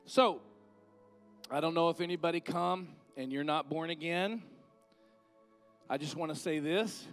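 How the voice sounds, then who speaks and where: A man's voice: fairly high pitch, measured pace, pauses often, soft background music. A middle-aged man, preaching a conversational sermon and leading an altar call. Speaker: guest minister.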